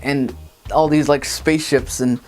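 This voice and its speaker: A man's voice: medium pitch, fairly even intonation, unhurried, a little mellow, soft background music. A man hosting a casual movie review vlog from a green-screen studio, talking in a sarcastic, mocking way. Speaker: film reviewer and show host.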